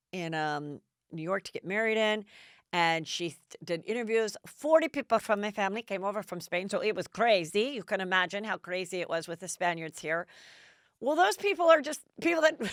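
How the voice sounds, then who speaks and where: A chatty middle-aged woman gossiping on her podcast, her voice smooth and clear. She talks close to the mic in a dead, dry room and keeps acting out what other people said. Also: medium pitch, dry recording. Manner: chatty, animated, acts out quotes in other voices. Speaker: podcast host. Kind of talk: casual gossip commentary.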